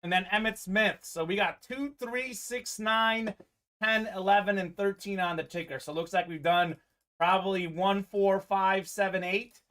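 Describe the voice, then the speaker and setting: A man's voice: high-pitched, moderate pace, fairly bright tone. Upbeat man hosting a live card break. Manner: upbeat, running commentary on teams and players.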